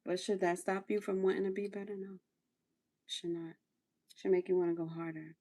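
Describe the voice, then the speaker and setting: A woman's voice: lowish voice, flat delivery, brisk, warm tone. A woman hosting a casual livestream, chatting through her skincare routine in a coaching tone and repeating phrases for emphasis. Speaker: livestream host.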